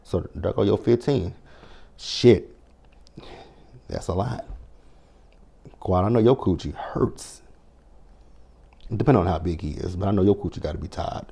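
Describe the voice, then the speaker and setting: A man's voice: low-pitched, unhurried, creaky, long pauses, dark tone, husky. A man recapping a reality TV show in a sassy, blunt, profane way, quoting his own reactions as he goes. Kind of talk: casual recap commentary.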